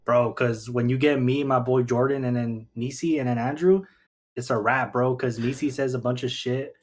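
A man's voice: medium pitch, steady tone, normal speed. A young man hosting a casual podcast, laughing easily and swearing often, who mentions that he stutters. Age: young adult. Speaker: podcast host.

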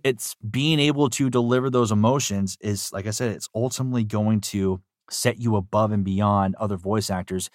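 A man's voice: on the low side, no room sound, studio quality. A man who works as a voice actor, giving earnest, emphatic advice in an interview and repeating points for stress. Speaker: voice actor guest.

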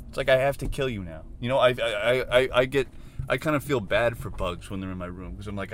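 A man's voice: medium pitch, brisk. A young man rambling casually and jokingly while he drives, with loose, profane storytelling. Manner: loose, joking, profane, acts out his own reactions. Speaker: vlogger. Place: inside a car. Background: faint car and road noise.

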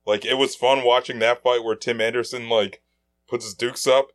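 A man's voice: mid-range voice, level tone, normal speed, fairly bright tone. A man co-hosting a casual sports podcast, laid-back and slangy, often saying dude and man.

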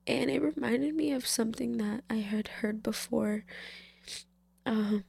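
A young woman shares a faith testimony in a slow, unhurried way, her voice husky with a gravelly edge. She is tearful and emotional, often slipping into a whisper. The sound is close and dry. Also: a little high, dry recording. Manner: emotional, soft-spoken, drifts into whispers, many fillers. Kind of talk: personal faith testimony, casual.

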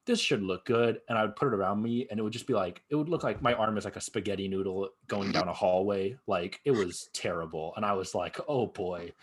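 A young man chatting casually as a guest, telling his story with lively acted-out reactions. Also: lowish voice, a little hiss or hum. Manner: animated storyteller acting out his own past reactions. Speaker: guest cosplayer. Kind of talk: casual chat.

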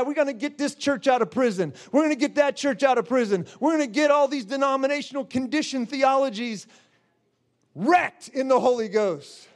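A man preaching a charismatic sermon in a fervent, exclamatory way, breaking into shouts and laughter. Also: very high-pitched, brisk.

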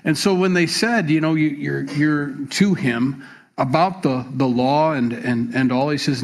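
A man's voice: a little high, measured pace. Guy pastor giving sunday announcements n sermon, laid back, lots of ums and restarts. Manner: relaxed, many fillers and repeated words.

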